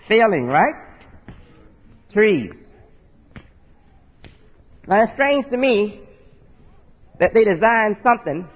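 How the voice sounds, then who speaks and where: This man's voice sits high and carries a breathy edge. Preaching in a homespun sermon manner, he spells words out and keeps checking on his audience with folksy rhetorical asides capped by "right?". The recording sounds muffled and lo-fi, echoing with long hall reverb.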